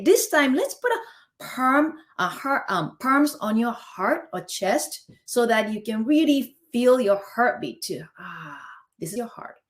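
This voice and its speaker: Slightly high-voiced woman coaching a face yoga class. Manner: coaching, counts out holds, keeps checking in with "okay?". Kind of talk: live online guided exercise class.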